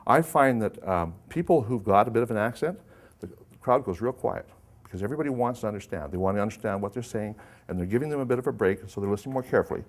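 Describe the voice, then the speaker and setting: Lively-voiced man leading a workshop. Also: lowish voice, fast talker. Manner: conversational, asks the audience questions. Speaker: workshop presenter. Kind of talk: live workshop talk. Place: seminar room with a live audience.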